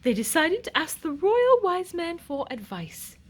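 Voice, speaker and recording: High, sing-song woman storyteller. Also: sing-song, a little slow. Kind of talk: picture book read-aloud.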